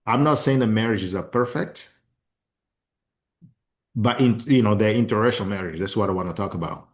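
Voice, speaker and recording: Expressive low-voiced man hosting a podcast. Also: normal speed. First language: not English. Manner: passionate, expressive, many restarts. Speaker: podcast host. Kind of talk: casual interview conversation.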